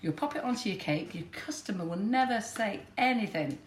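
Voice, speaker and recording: A woman's voice: medium pitch, animated, fairly quick. Chatty northern English woman baking. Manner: chatty and warm, laughs often. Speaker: baking demonstrator. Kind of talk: live baking demonstration chat. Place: kitchen. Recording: roomy kitchen with background noise.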